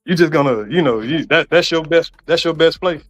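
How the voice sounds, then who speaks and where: His voice fairly high and a bit bright, a male online content creator argues fairly quickly in a heated, casual manner. He mocks, uses sarcasm, and often repeats himself, and the recording is dull and lo-fi with faint music.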